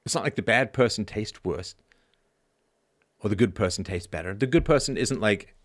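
A man in his fifties hosting a live show, talking in an animated, sarcastic way. He swings from quiet asides to loud, emphatic outbursts and keeps asking "right?". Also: lowish voice, moderate pace. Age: 50s. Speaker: show host.

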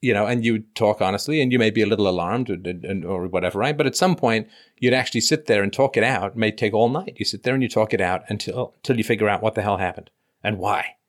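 A man's voice: fairly low pitch, quick pace. A man hosting an advice call-in show, lecturing a caller emphatically and acting out quoted remarks mockingly.

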